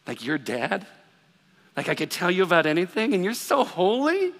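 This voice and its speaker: A man with a high, bright, ringing voice preaches a sermon in a conversational, animated way, with self-deprecating humor. His voice carries a long reverb, as in a large hall. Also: moderate pace. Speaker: pastor.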